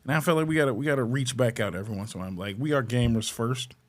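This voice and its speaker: A rapid-fire man with a mid-range voice hosts a comedy podcast, loosely chatting and ranting with plenty of profanity and jokes.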